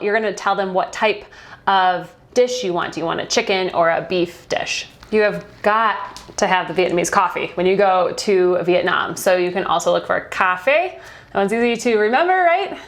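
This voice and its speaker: A young American woman giving a casual travel guide as a vlogger, chatty and upbeat, laughing between points. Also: mid-range voice. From United States.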